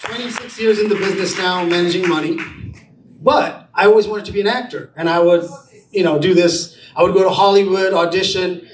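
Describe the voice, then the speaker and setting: Fast-talking man telling stories in an echoey room. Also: high-pitched. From India. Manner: animated, quick storyteller acting out dialogue. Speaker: speaker at a business brunch. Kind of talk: motivational storytelling to a small audience. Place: event room at a brunch. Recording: roomy, distant mic, faint room noise.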